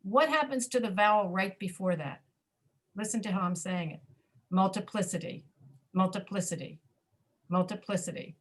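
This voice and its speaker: A woman with an American accent leads an online pronunciation lesson. She says example words again and again, slowing down to model stressed and reduced syllables. Her manner is patient and encouraging. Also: mid-range voice, lively intonation, a bit bright. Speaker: pronunciation teacher. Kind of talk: online English class teaching.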